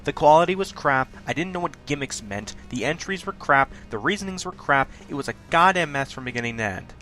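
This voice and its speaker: A man hosting a countdown video, talking fast with occasional stutters in a blunt, self-critical way. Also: on the high side, lively intonation, pushed and bright, faint music behind. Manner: talks fast, stutters at points. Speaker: YouTube countdown host. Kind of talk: scripted countdown commentary.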